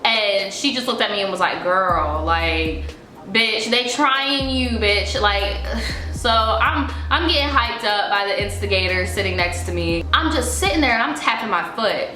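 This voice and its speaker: A woman's voice: mid-range voice, expressive, moderate pace, sharp tone. Sassy, profane young woman telling a story. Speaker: vlogger. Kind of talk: storytime vlog. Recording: echoey room, faint music.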